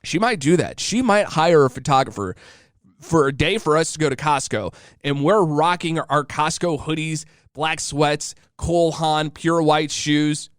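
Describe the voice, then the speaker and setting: A man in his thirties spins a casual, joking story to his listeners, now and then slipping into voices. His voice is smooth and sits a little high for a man, recorded dry and close. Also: measured pace, no echo. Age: 30s. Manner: chatty and joking, acting out voices. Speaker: podcast host.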